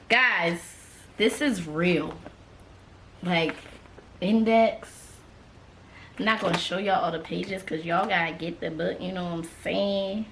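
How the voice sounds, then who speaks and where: A young woman vlogging an unboxing at a drawn-out, unhurried pace, her casual slangy talk broken by gasps, laughs and emotional exclamations. Her pitch sits in an ordinary middle range, and faint background noise hums under the recording. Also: a bit bright. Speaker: author and YouTuber. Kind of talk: excited unboxing vlog.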